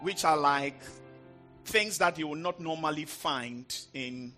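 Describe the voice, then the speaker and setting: Preacher, male, bright high voice with wide swings, faint music behind. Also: takes it slowly. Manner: vivid story-telling, rising to loud excited peaks. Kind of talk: sermon storytelling with interpreter.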